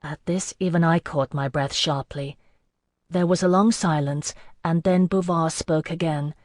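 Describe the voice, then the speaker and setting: A narrator reads a fantasy novel in the first person, measured and even. The pitch sits mid-range, and the close, dry recording has no room sound at all. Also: dry recording. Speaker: audiobook narrator.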